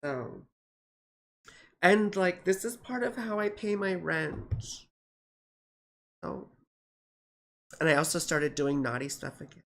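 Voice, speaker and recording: A woman's voice: lowish voice, animated, slow pace, long pauses. Goofy rambling American woman astrologer. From United States. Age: 40s. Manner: goofy, rambling, swears freely; tired, yawning, out of it. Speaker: astrologer doing live chart readings. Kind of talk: casual livestream chat.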